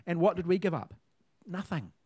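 A man's voice: sits high, lively intonation, normal speed, a little mellow, husky, dry recording. Rambling New man, dry sound. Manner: rambling, many fillers and restarts. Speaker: podcast co-host. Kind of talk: casual chat.

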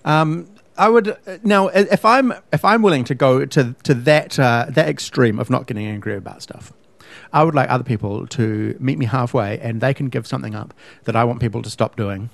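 A man's voice: mid-range voice, moderate pace, vocal fry, no room sound. Man, podcast co-host, emphatic pedantic ranter, dry recording. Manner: ranting, emphatic, pedantic about words. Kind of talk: casual chat.

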